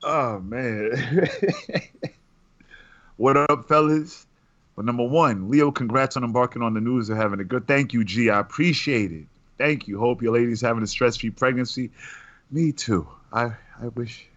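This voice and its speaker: A man's voice: mid-range voice, measured pace, pauses often, muffled recording. Casual male podcast co-host reading emails. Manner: reads listener emails aloud, bursts into loud laughter.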